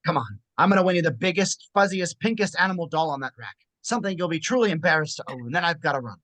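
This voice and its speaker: A scarred young man fighting to hold back his rage, voiced by a man. He talks fast in a bright, fairly high voice, his words strained and clipped. It is an amateur script read-through with a dry sound. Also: expressive, no echo. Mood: playful.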